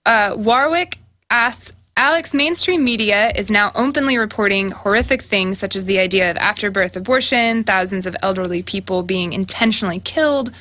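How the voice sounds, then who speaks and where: A woman's voice: medium pitch, normal speed, bright, forceful tone, no echo. A woman co-hosting a talk show, reading viewer questions in a casual, conversational way.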